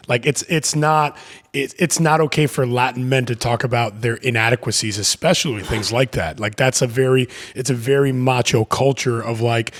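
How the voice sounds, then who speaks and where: A man's voice: mid-range voice, moderate pace. A man chatting casually on a podcast, rambling a bit with fillers and a loose, swearing manner.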